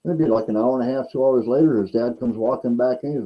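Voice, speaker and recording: A man's voice: medium pitch, quick pace, hardly any pauses, warm tone, low-quality recording. A man hosting a casual livestream, telling rambling stories with repeated words and chuckles. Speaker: host.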